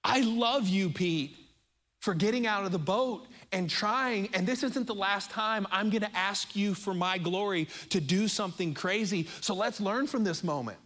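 A man voicing a gentle, loving teacher. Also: sits high, normal speed. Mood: tender. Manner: tender, reassuring.

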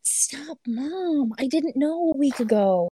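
A woman's voice: mid-range voice, measured pace, slight background noise, lightly acted. A woman voicing a sulky teenage girl who argues back at her mother, defensive and exasperated.

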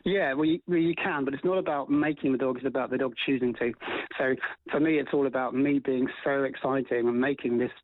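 Fast-talking man on a phone line. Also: medium pitch, dry recording. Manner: fast, animated, many fillers and restarts. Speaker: dog behaviourist guest. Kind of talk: radio interview advice.

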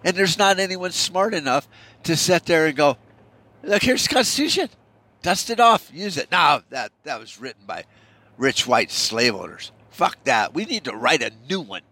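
A man's voice: fairly high pitch, animated, moderate pace, pushed and bright, no room sound. A man hosting a podcast, delivering an angry, profanity-heavy political rant full of stammered restarts. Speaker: podcast host.

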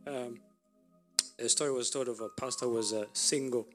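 A man preaching a sermon, telling a story with pauses and restarts. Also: medium pitch, steady tone, a bit bright, soft background music. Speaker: pastor.

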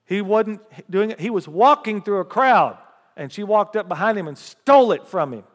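A man preaching a sermon, reading scripture aloud with rising emphasis and lively call-and-response asides to the congregation. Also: sits high, moderate pace. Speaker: pastor. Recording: long hall reverb.

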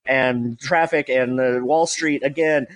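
A man's voice: medium pitch, fairly even intonation, crowd noise. Brief: male comedy regular, frantic play-by-play, stammering, exasperated. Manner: rushed, stammering, exasperated, swears and laughs. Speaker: show regular. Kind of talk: frantic live description of a music video.

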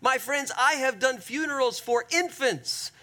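Male pastor, earnest sermon delivery, bright, edgy tone, emphatic slowdowns on key lines. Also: very high-pitched. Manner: earnest, emphatic preaching with repeated appeals to the congregation; slows down sharply on key phrases.

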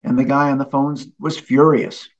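An older man, a consumer protection official, telling stories in a relaxed interview and chuckling along the way. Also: mid-range voice, normal speed, lo-fi sound. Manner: animated, chuckling storyteller. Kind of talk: conversational interview storytelling.

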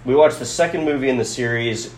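A mid-pitched man chats casually on a podcast, thinking aloud with plenty of fillers. His voice carries room echo over a faint hiss. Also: quick pace, a little mellow. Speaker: podcast co-host.

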